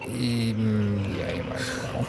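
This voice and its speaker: A man's voice: on the low side, takes it slowly, vocal fry, noisy background. Laughing, casual let's play guy. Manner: laughs often, swears, tells stories animatedly. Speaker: let's play host playing the game. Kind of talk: casual chat while gaming.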